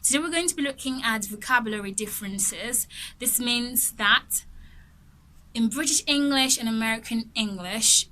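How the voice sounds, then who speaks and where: A young woman gives a relaxed online English lesson, talking in a loose, friendly way with frequent laughs and restarts. Her voice is bright and a little high. A faint hiss of noise sits behind the recording. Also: moderate pace. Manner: chatty, laughs often, repeats and restarts phrases. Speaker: English pronunciation teacher.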